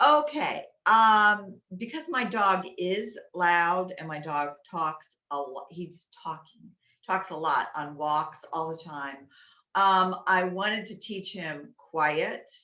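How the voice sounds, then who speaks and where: A woman talking casually and loudly about dog games, with many fillers, recorded in an echoey room at home. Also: lowish voice, slow. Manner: loud, chatty, with many fillers. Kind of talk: casual how-to talk. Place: inside a home.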